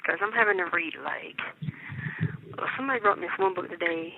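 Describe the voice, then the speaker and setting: A woman's voice: on the low side, fairly quick, creaky. A middle-aged woman on a jail phone call, chatty and a little hyper from lack of sleep, acting out the people she tells about. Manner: chatty storyteller, acts out the people she quotes. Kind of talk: casual phone chat. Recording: tinny jail phone line with faint noise.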